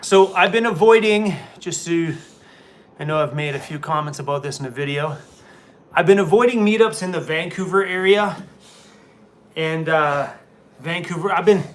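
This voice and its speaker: A man's voice: a little high, slight background noise. A middle-aged man from Canada, chatting casually and rambling on a live stream from a hotel room. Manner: relaxed, rambling, talks baby-talk to his dog. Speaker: van-life vlogger doing a live stream.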